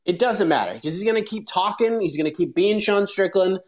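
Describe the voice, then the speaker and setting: Man, forties, show host, casual rambling commentary, animated storyteller. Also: high-pitched, fairly quick, low-quality recording. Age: 40s. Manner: animated storyteller, lots of fillers.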